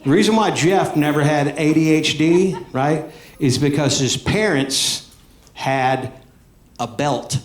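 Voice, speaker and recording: A man, doing high-energy stand-up comedy with plenty of audience asides. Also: takes it slowly. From Alabama, US. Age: 50s. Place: comedy club stage. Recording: echoey club room.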